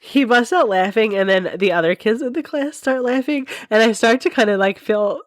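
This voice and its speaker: A woman's voice: a little high, fairly quick, no echo. Giggly woman podcaster rambling thru a story, laughing a lot, dry close sound. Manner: giggly, rambling, laughs often mid-sentence. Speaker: podcast host.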